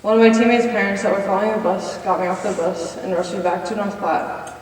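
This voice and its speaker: A woman's voice: mid-range voice, steady tone, fast talker. Earnest young woman in an echoey chapel. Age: 20s. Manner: earnest, reads from notes with slide cues. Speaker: college senior speaker. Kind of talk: personal testimony in chapel. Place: chapel hall. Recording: echoey hall from far off.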